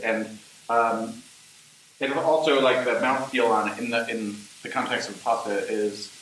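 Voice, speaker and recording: A man's voice: mid-range voice, fairly bright tone, far from the mic, slight background noise. A male chef hosts a loose, joking cooking demonstration, full of asides. He sounds set back from the mic in a roomy kitchen, with faint frying sizzle underneath. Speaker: chef hosting a home cooking video.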